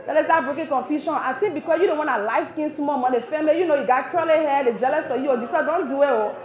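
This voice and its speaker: A woman from Liberia with a Liberian English accent doing animated live stand-up comedy, acting out voices as she goes. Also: high-pitched, quick pace, a crowd in the background. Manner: animated, acts out voices, laughs through lines. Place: cafe stage with live audience. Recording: roomy, dull live venue recording.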